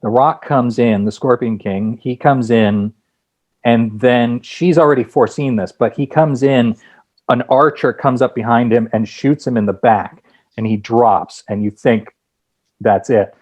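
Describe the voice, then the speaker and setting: A man who is a guest screenwriter and director, telling lively anecdotes with many restarts in a casual interview. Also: medium pitch, a little slow, muffled recording.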